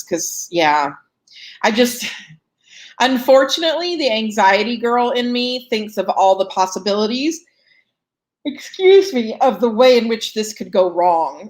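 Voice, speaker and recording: A woman hosting a live fundraising Q&A, chatting casually with many ums and self-deprecating asides, yawning and a bit short of breath. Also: medium pitch. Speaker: host answering fundraising questions. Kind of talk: live Q&A chat.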